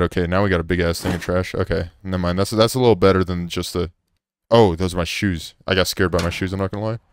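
A man's voice: sits low, no echo. Jumpy, cursing gaming commentator man. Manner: profane, jumpy and joking. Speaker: gaming YouTuber. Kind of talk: horror game let's play commentary.

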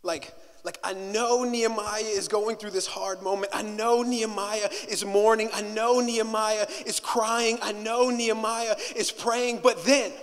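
In a church sanctuary with long hall reverb, a man with a high voice and flat delivery preaches a sermon. He alternates quiet, slow reflection with loud, building passages, frequently restarting phrases and repeating words.

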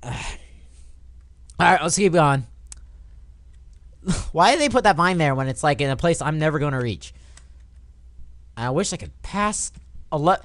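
A young man doing casual let's play commentary, swearing and yelling at the game, then dropping to a quiet mutter. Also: high voice, big pitch swings, measured pace, long pauses, no room sound, clean studio sound. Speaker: gamer.

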